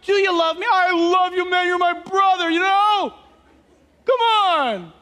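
A man voicing a jovial, overly affectionate drunk man who gushes loudly and laughs. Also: extremely high pitch, measured pace, pitched above the performer's own voice, exaggerated voice. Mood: gushing. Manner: slurring buddy-buddy gushing, loud and laughing. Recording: long reverb, from farther off the mic.

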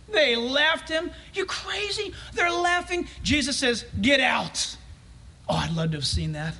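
A male pastor preaching a sermon in a church, animated and humorous, acting out scenes as he tells them. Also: extremely high pitch, a little hiss or hum.

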